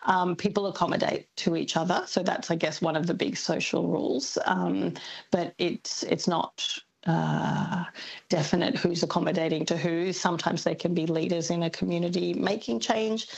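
A woman's voice: lowish voice, fairly even intonation, moderate pace, creaky, breathy edge, poor audio. A woman linguistics academic being interviewed on the radio, speaking thoughtfully and hesitating with many ums.

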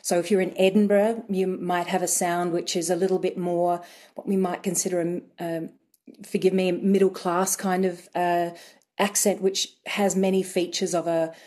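Measured lower-voiced woman dialect coach. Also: little pitch movement, warm tone. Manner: measured, explanatory, careful with terms. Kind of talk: expert radio interview.

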